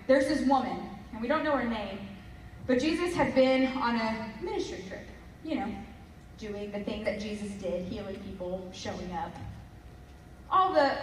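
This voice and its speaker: A woman's voice: mid-range voice, slight background noise. A woman giving a storytelling sermon to a congregation, chatty and full of jokey asides. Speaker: guest speaker. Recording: echoey hall, mic from a distance.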